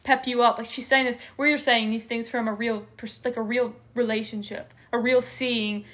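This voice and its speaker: A young woman co-host chimes in with playful, slangy remarks and steady support. Her voice is a touch high for a woman. She keeps the tone casual and friendly. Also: normal speed. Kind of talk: casual chat.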